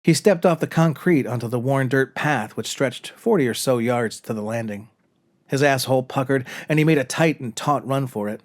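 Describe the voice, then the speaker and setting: A man's voice: medium pitch, normal speed. A man narrating a comic short story aloud with a dry, wry delivery. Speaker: narrator reading his own short story.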